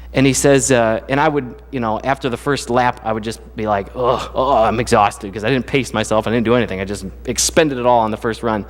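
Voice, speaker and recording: This man pastors from a church sanctuary, his medium-pitched voice echoing as in a large hall. He takes a casual, joking storytelling approach, weaving humorous life stories into a conversational sermon.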